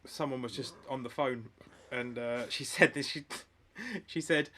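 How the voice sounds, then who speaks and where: A man's voice: medium pitch, fairly even intonation, measured pace, pushed and bright, slight background noise. A man co-hosting a podcast in casual chat, making dry, wry remarks. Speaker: podcast co-host.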